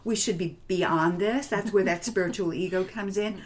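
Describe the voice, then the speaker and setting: A woman guest, a transformational coach, telling personal stories in a gentle, reflective way that often drops to a hushed whisper, with light laughter. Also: mid-range voice, moderate pace. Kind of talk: heartfelt personal storytelling interview.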